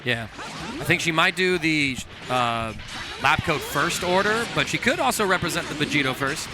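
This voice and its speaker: A man giving laid-back, chatty fighting-game commentary at a tournament stream, calling the plays quickly. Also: fairly high pitch, lively intonation, music in the background. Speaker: esports commentator. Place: event stream booth.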